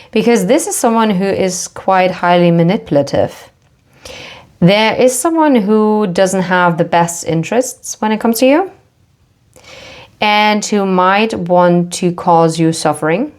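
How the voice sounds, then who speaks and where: Slow, low-voiced chatty tarot reader woman. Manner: chatty, self-interrupting, laughs at her own slips. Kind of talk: casual tarot reading to camera.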